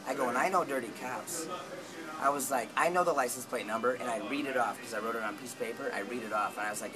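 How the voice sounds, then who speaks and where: Speaking quickly in a mid-range voice against a noisy background, a man rambles through a lengthy story. It's loaded with profanity and animated reenactments of what others said.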